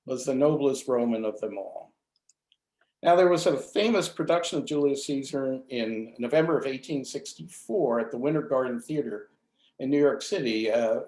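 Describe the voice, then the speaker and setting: Older male club speaker, mid-pitched, hesitant lecture delivery, roomy sound. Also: normal speed, darkish tone. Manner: hesitant, many fillers and restarts. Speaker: invited speaker. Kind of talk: history talk.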